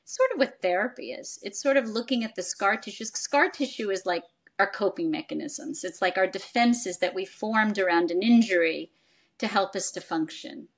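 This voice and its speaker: Brief: older female psychoanalyst guest, mid-pitched, explanatory, voices quoted parents now and then. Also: expressive, normal speed. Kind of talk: expert conversation.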